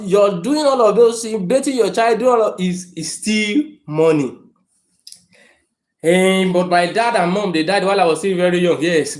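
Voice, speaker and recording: A man's voice: sits high, roomy sound. A man hosting a motivational livestream, emphatic and repetitive, talking in a room. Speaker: livestream host. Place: room indoors.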